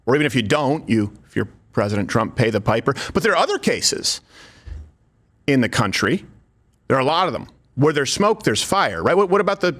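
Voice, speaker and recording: A man's voice: mid-range voice, fairly bright tone. A man hosting political commentary, making his case in a persuasive, emphatic scripted delivery.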